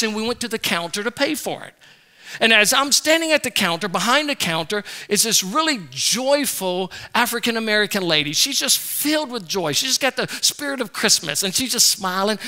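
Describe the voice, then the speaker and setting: Pastor guy, middle-aged, high and really bright voice, jokey storytelling sermon. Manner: humorous, animated storyteller.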